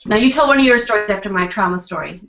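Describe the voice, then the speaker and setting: A woman's voice: medium pitch, expressive, fast, vocal fry, fairly bright tone, muffled recording. Chatty, rambling woman on a podcast. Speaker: podcast guest. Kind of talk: casual chat.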